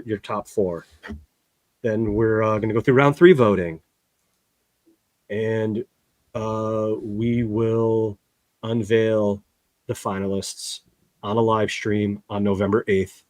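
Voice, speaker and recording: A man's voice: on the low side, level tone, slow pace, darkish tone, no echo. A man co-hosting a casual live-stream chat, laying out a schedule step by step with lots of fillers, over a video call. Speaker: co-host.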